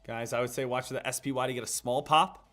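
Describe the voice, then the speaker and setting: This day-trading livestream host speaks fast in a steady, fairly bright, mid-range voice over faint background music. His live market commentary and coaching come in an upbeat, repetitive hype style.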